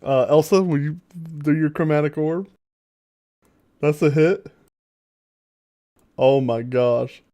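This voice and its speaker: A man's voice: fairly high pitch, takes it slowly, long pauses, warm tone. A man running a tabletop fantasy game on a livestream, narrating scenes playfully and laughing with his players. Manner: playful descriptive storytelling, breaks into laughter. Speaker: game master.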